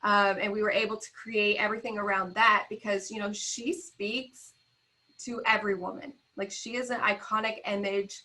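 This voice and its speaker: Bright enthusiastic woman, guest on a video call interview, chatty storytelling. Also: medium pitch, little pitch movement, moderate pace, rough recording. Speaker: guest, podcast founder.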